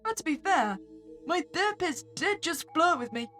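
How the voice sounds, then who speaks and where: A woman's voice: very high voice, expressive, moderate pace, fairly bright tone, soft background music. A woman playing through a horror visual novel, reading the player's lines aloud and adding wry, sarcastic asides. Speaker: game streamer.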